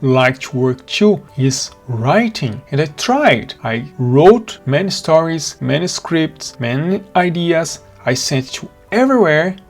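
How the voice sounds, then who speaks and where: A man's voice: on the high side, animated, slow, few pauses, faint music behind, heavily acted. A man voicing a despairing, defiant young man who wants to be a writer, speaking bluntly within a told story. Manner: blunt, resolute. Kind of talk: told story, quoted dialogue.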